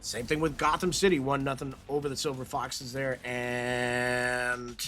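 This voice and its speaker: A man's voice: medium pitch, little pitch movement, measured pace, sharp tone. Upbeat jokey man calling a hockey game. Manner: upbeat, jokey, reads chat aloud. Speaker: play-by-play caster. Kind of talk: live stream game commentary. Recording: stream mic with game music behind.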